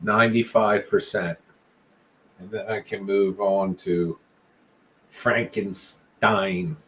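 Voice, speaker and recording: Slow, low-voiced man chatting. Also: fairly even intonation, a bit bright. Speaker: vlog host. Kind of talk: casual late-night chat.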